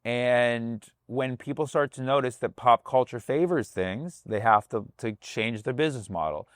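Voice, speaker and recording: A man's voice: mid-range voice, moderate pace, no room sound, studio quality. A man, a comedian, talking casually on a podcast, loose and profane, slipping into voices to act out other people. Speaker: comedian guest.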